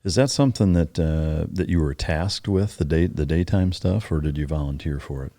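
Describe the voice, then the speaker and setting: A man hosting a podcast, asking calm, brief questions and giving short prompts. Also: rumbling low, moderate pace, dry recording, studio quality. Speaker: podcast host. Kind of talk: interview questions.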